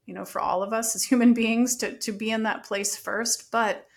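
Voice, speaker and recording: A woman's voice: fairly high pitch, fairly even intonation, moderate pace, gravelly. A middle-aged woman telling a personal story in an earnest, reflective way as a podcast guest.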